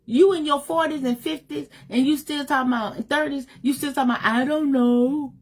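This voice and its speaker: A woman's voice: high voice, quick pace. A middle-aged woman giving a livestream motivational talk as a spiritual teacher, emphatic, slangy and direct.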